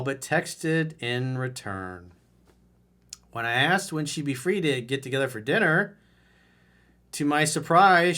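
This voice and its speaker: A man's voice: medium pitch, a bit bright. A man who coaches people on dating, reading out a viewer letter and answering it in a blunt, mocking way.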